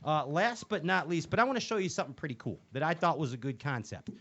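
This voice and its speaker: A man's voice: a little high, very animated, fast, a bit bright, dull audio. A man hosting a casual comedy show, rambling and joking with many fillers and restarts. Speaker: show host.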